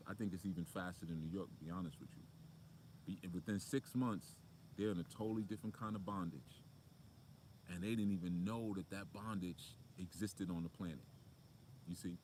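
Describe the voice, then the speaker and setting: A man with a low voice gives a casual spiritual talk outdoors. He preaches in a loose, conversational way, full of fillers and asides, with faint outdoor ambience around him. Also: slight background noise. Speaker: spiritual motivational speaker.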